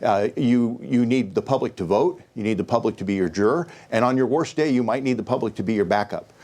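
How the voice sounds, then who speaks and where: A man's voice: medium pitch, a little fast, a little mellow. A middle-aged man answering as a sheriff candidate in a political debate, earnest and emphatic, often repeating words as he thinks.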